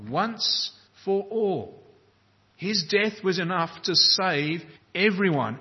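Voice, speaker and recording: A man preaching a sermon, measured and explanatory, slowing down to stress key words. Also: fairly high pitch, husky. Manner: measured, slows for emphasis, explains terms plainly. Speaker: pastor. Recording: dull lo-fi sound with long church reverb.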